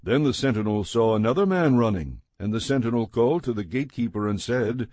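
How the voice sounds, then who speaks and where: A man reading scripture aloud in a measured, steady narration. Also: medium pitch, no room sound, clean studio sound. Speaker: scripture reader.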